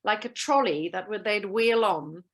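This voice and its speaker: A woman guesting on a casual interview, speaking over a video call. She tells stories in a lively, playful way and laughs often, at a middle pitch. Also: moderate pace. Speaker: guest actress.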